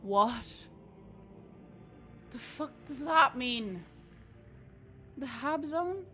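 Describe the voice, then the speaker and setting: A woman's voice: sits high, lively intonation, slow pace, pushed and bright, soft background music. A young woman streaming a game, chatting casually with viewers, swearing often and getting exasperated. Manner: frustrated, swears freely, chats with viewers. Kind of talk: casual live-stream chat while playing.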